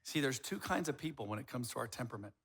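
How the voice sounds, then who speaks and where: A middle-aged man preaching a sermon as pastor, animated and acting out quoted voices. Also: mid-range voice, rapid-fire, vocal fry, slightly rough.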